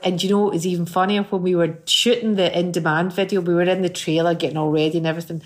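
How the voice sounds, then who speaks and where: Animated Scottish woman telling stories. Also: lowish voice, quick pace. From Scotland. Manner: animated storyteller, acts out voices in anecdotes. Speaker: guest singer. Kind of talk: chat show interview.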